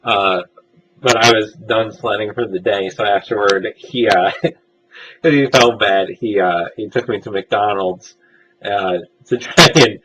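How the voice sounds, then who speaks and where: A man's voice: fairly low pitch, fairly bright tone, dull audio, a little hiss or hum. A young man casually telling personal stories as a vlogger, rambling and self-deprecating with lots of filler uhs. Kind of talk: casual storytelling monologue.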